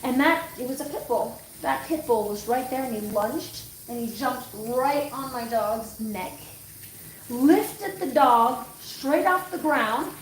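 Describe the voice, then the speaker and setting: A middle-aged Canadian dog groomer tells a story on a livestream from her grooming room, rambling and correcting herself as she goes. Her voice sits high with lively intonation and a slow pace. She's off-mic in an echoey room with slight background noise.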